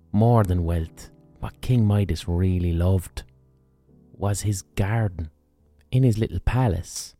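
A man's voice: low voice, mellow. A man with an Irish accent, a podcast host, telling a story in a casual, earthy way with plenty of slang and swearing. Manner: colloquial, earthy, swears freely.

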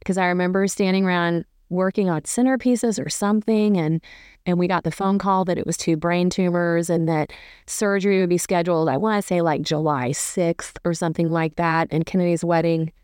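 A woman's voice: on the low side, fairly even intonation, brisk, a little mellow, clean tone, no room sound, clean studio sound. A woman hosting a podcast, telling a personal story in a rambling, self-correcting way with fond emotion. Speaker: podcast host.

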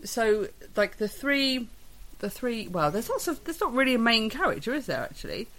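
A woman's voice: on the high side, very animated, normal speed, fairly bright tone. A woman co-hosting a podcast, chatting casually in a rambling, self-deprecating way. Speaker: podcast co-host. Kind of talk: casual chat.

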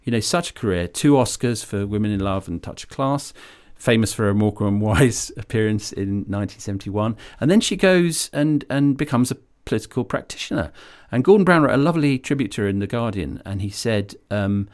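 A man with a fairly low voice, co-hosting a casual podcast. He talks thoughtfully and warms up with enthusiasm. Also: lively intonation, fairly quick, few pauses. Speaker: podcast co-host. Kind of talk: casual chat.

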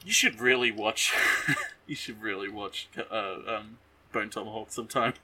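A man's voice: lowish voice, moderate pace, sharp tone, a little hiss or hum. A man co-hosting a podcast who recaps a movie in a rambling, jokey way, full of ums and restarts. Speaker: podcast co-host. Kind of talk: casual comedic movie recap.

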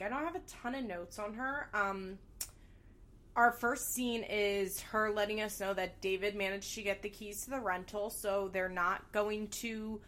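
A woman's voice: medium pitch, fairly bright tone. A young woman casually recapping a reality show, candid and sarcastic, swearing freely as she gossips about the cast.

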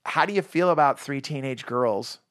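A man's voice: mid-range voice, moderate pace, no room sound, studio quality. A middle-aged man hosting a casual parenting podcast, telling stories with jokey asides. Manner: animated storyteller, jokey asides. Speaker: podcast host.

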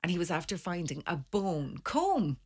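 An Irish woman co-hosting a casual chat podcast, a lively storyteller who recounts her work as an archaeologist. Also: fairly low pitch, moderate pace, breathy edge.

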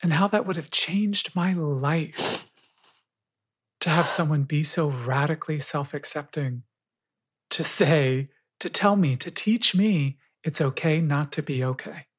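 A podcast guest giving calm, reflective advice in a thoughtful conversational way. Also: medium pitch, a little slow, slightly rough. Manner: calm, reflective, laughs easily.

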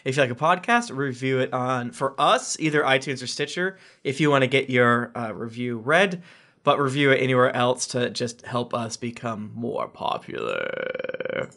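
A man's voice: mid-range voice, big pitch swings, normal speed, pushed and bright. A man hosting a casual podcast, reading listener reviews aloud and breaking off into jokey asides and chuckles. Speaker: podcast host.

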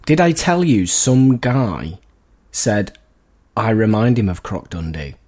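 A man co-hosting a film podcast, telling rambling stories in a relaxed chat. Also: lowish voice, slow pace. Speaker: podcast co-host. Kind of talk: casual storytelling chat.

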